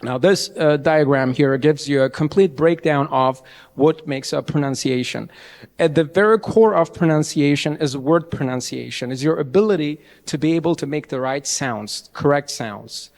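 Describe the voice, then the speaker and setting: A young man giving a lively, chatty IELTS training talk to a live audience, often restarting his sentences. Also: a little high, moderate pace, creaky. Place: large event hall. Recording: long hall reverb.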